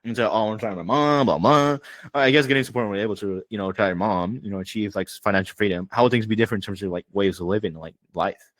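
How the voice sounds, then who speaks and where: A man talks fast and loose as a sales coach on a video call, with a slightly low voice. His speech is slangy and profane, stuffed with "like" and "bro." The sound is dry and close. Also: no room sound. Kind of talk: casual online training call.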